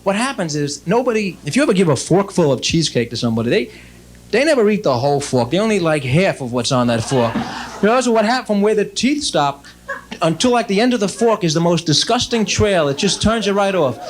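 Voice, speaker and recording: High-voiced stand-up comedian man. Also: sing-song, brisk, slight background noise. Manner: chatty, rambling, addresses the audience directly; slips into exasperated mock dialogue.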